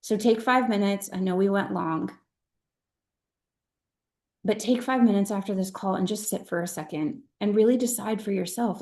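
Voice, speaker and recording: A woman's voice: medium pitch, a little mellow. A middle-aged woman leading her sales team on a video call, speaking in an earnest, emphatic and heartfelt way. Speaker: direct-sales team leader.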